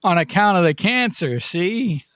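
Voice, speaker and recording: Male podcast host, raspy, a touch high, dry close sound with faint music under him, loose self-mocking ramble. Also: lively intonation, unhurried, a bit bright, dry recording. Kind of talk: casual rambling chat.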